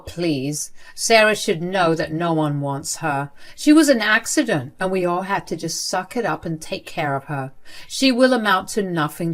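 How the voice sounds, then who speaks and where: A woman voicing a cold, contemptuous older grandmother who runs a school, in a lowish voice. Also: natural voice. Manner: contemptuous and dismissive.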